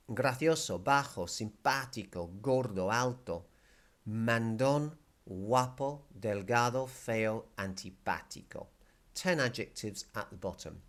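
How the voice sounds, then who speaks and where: Patient, low-voiced male teacher. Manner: patient and explanatory, repeats key words slowly. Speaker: Spanish teacher. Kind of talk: recorded video lesson.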